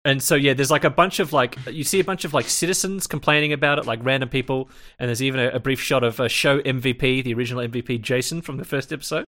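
A man's voice: medium pitch, fast talker, hardly any pauses. A man co-hosting a casual podcast, recapping an anime and acting out the characters' lines. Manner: animated, acts out lines. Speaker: podcast co-host.

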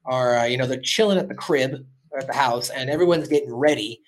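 Speaking a little fast at medium pitch, a man hosting a podcast recounts a cartoon episode with animation. The chat is loose and casual, packed with fillers.

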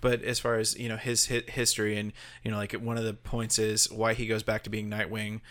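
A man's voice: fairly low pitch, monotone, brisk, fairly bright tone. A married man co-hosting a casual podcast, rambling through his thoughts with lots of fillers and restarts. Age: adult, married. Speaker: podcast co-host. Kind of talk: casual chat.

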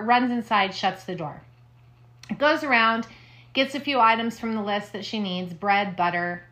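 A woman co-hosting a podcast, chatting casually and telling a campfire ghost story with dramatic hushed moments. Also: medium pitch. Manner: dramatic, drops to hushed tones for spooky parts. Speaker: podcast co-host.

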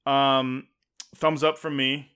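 A man's voice: medium pitch, level tone, takes it slowly, bright, forceful tone, clean tone. A man co-hosting a casual podcast chat, joking and rambling with frequent restarts. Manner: jokey, rambling, self-interrupting. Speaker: podcast co-host.

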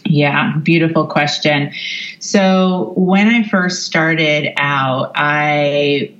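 Slow, deep-voiced woman on a dull line. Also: steady tone, a bit bright. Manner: measured, many "you know" fillers. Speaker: business coach guest. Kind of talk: reflective interview answers.

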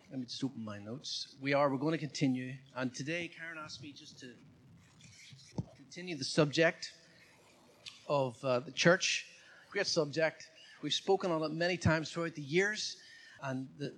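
Man preaching a sermon. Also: fairly high pitch. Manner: conversational, asks the congregation questions. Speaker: pastor. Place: church.

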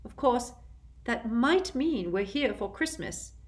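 An earnest, gushing middle-aged mother witch in a storybook reading, as a woman puts her on. She pours out her words warmly, pitched well up and pushed a little louder than the narration. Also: animated, slow pace. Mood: grateful.

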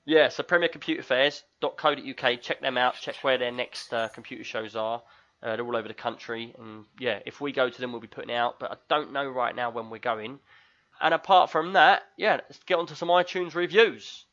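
A man's voice: medium pitch, brisk, a bit bright. A man with a London accent hosting a podcast in casual chat, joking and reading listener reviews aloud. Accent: London English. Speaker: podcast host. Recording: tinny lo-fi mic.

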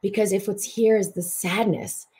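A woman's voice: mid-range voice, fairly even intonation, normal speed, dark tone. A woman hosting a spiritual healing broadcast, talking in an earnest, flowing way and repeating words for emphasis.

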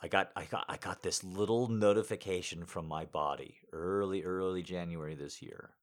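A man chatting to his listeners in a rambling, heartfelt way, with halting restarts. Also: low voice. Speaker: audio creator. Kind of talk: casual chat to listeners.

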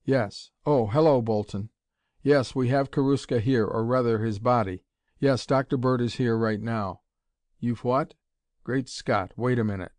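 Narrator reading a keen male detective in a storybook; brisk, dry sound. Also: mid-range voice, darkish tone, no echo, close to an everyday voice. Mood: eager.

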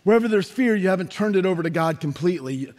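A man in his forties preaching a sermon, telling stories with animated energy and rising to shouts for emphasis. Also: sits high, fast talker. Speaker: pastor.

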